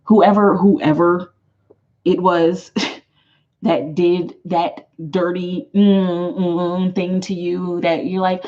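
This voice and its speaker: A woman's voice: fairly low pitch, fairly even intonation, slow pace, dark tone, highs cut off. A woman giving a live tarot reading to her viewers, emphatic and affectionate, repeating her phrases for weight. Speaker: tarot reader.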